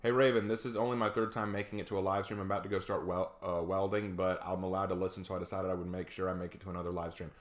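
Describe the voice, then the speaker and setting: A man's voice: sits low, level tone, rapid-fire, hardly any pauses. A man chatting casually on a live stream, reading viewer comments aloud and telling laid-back stories.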